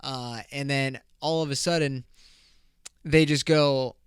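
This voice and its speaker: A man's voice: medium pitch, fairly even intonation, unhurried, clean tone, dry recording, clean studio sound. A man hosting a podcast, telling a story in loose, profane, casual talk and laughing often. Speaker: podcast host.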